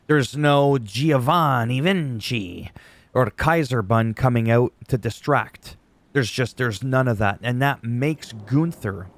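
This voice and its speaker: A man's voice: medium pitch, no room sound. A man recapping a wrestling show in casual commentary, rambling off on tangents and swearing casually.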